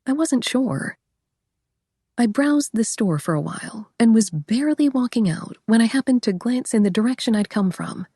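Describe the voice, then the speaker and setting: A woman's voice: fairly high pitch, lively intonation, normal speed, warm tone, breathy edge, dry recording, clean studio sound. A young woman reading a first-person audiobook in a wry, conversational way. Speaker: audiobook narrator.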